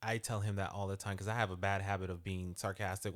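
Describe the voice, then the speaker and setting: A man's voice: lowish voice, fast talker. A man hosting a parenting podcast, talking reflectively and acting out quoted dialogue. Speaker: podcast host. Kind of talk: conversational podcast interview.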